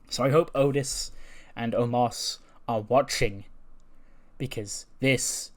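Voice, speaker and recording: A man's voice: mid-range voice, steady tone, slow. A man casually recapping a wrestling show, chatty and full of fillers.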